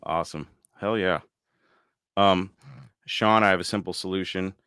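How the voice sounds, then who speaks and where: Deep-voiced, laughing podcast host man. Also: normal speed, clear, resonant tone, dry recording, studio quality. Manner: laughs often, excited and chatty. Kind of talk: casual live-stream chat.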